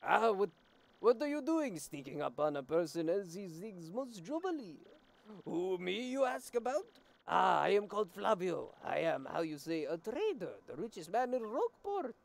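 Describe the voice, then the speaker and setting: A man plays a boastful rich trader from a video game. He talks in a high, swooping voice with a gravelly rasp and grand, foreign-sounding turns of phrase. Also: sing-song, moderate pace, heavily acted.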